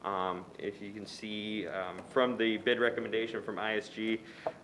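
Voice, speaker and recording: A man's voice: fairly low pitch, little pitch movement, normal speed, a bit bright, slight background noise, low-quality recording. A man presenting a resolution at a county board meeting, hesitant with many fillers. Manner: hesitant, many ums and restarts.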